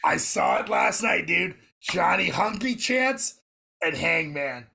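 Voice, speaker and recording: A man's voice: sits high, very animated, slow, vocal fry, sharp tone, slight background noise. A man co-hosting a podcast in casual chat, brash, laughing a lot and swearing freely. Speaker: podcast co-host.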